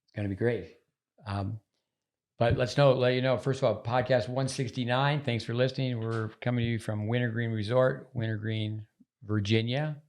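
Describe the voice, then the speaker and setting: A man's voice: medium pitch, fairly even intonation, moderate pace, a little mellow. A man hosting a casual tennis podcast from a resort, chatty and rambling. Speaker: podcast host.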